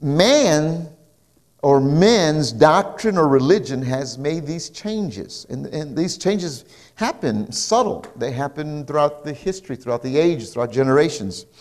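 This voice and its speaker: Male pastor, mid-pitched voice, preaching to a congregation with frequent amens. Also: a little mellow. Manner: preaching with frequent amens and hallelujahs, reading scripture aloud. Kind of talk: sermon.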